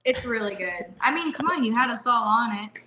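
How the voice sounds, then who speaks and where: A woman from Washington state co-hosting a casual chat, bubbly and quick to laugh. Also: fairly high pitch, expressive, roomy sound, background noise. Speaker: co-host.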